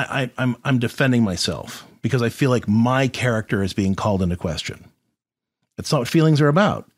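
A man hosting an advice podcast, explaining in an animated, conversational way with frequent restarts and rhetorical questions. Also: medium pitch, slightly rough, dry recording, studio quality. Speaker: podcast host, therapist.

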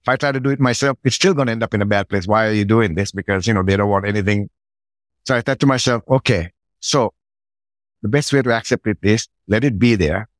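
A middle-aged man, a podcast guest, telling a personal story in a relaxed conversational way and acting out his own side of past conversations. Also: on the low side, quick pace, no echo.

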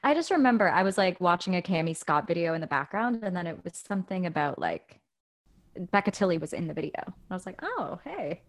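A woman's voice: lowish voice, expressive, quick pace. A young woman co-hosting a casual gossip podcast, giggly and rambling, often hunting for words. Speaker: podcast co-host. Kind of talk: casual celebrity gossip chat.

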